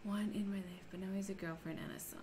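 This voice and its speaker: A woman from Minnesota hosts a crafting livestream, chatting casually, reading the chat aloud, and laughing often. She talks fast in a medium-pitched, steady voice, with background noise audible.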